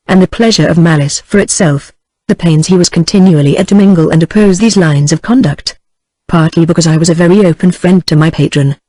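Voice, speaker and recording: Synthetic American woman narrator, even machine cadence, dry close sound. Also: fairly low pitch, no echo, rough recording. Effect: text-to-speech synthesis. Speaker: audiobook narrator. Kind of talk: text-to-speech book reading.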